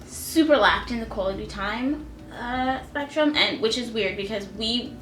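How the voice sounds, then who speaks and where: A woman's voice: a little high, fairly bright tone. Young woman on the verge of tears, stammery storytime vlog, echoey room, faint music under it. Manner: shaky, tearful, halting with many fillers. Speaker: vlogger. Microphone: camera mic at close range.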